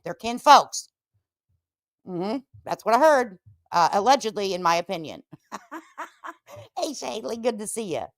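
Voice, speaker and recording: A woman hosting a casual live-stream commentary, sassy and animated, calling people honey and cupcake. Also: mid-range voice, no echo, clean studio sound. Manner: sassy, animated, Southern-tinged endearments.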